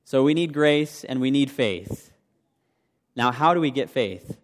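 A man's voice: medium pitch, expressive, measured pace. A young man preaching a sermon, sharing his own testimony in a conversational way and asking the congregation questions. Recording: long hall reverb.

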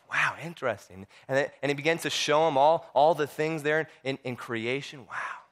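A man preaching a sermon, telling stories with animated voices and frequent repeated words. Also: a little high, moderate pace, hardly any pauses.

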